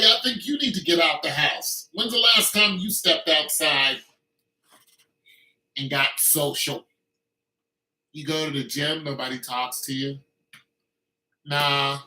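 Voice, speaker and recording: A man delivers a teasing comedic rant, needling with mock questions. His voice is sharp and bright, a little higher than most men's. He sits back from the mic in an echoey room. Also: recorded from a distance. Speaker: vlogger. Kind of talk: comedic monologue to the camera.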